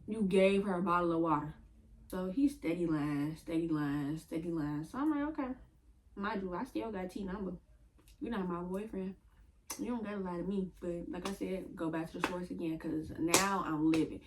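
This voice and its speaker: A woman's voice: lowish voice, a little fast, darkish tone, distant mic. A young woman telling a casual storytime, slangy and conversational, acting out quoted dialogue. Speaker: storyteller vlogger. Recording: voice a bit off-mic with faint room noise.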